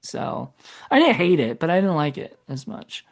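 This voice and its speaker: A man's voice: on the high side, very animated, normal speed, creaky. A man co-hosting a podcast in casual chat, rambling and correcting himself as he goes. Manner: rambling, self-correcting, trails off. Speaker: podcast co-host.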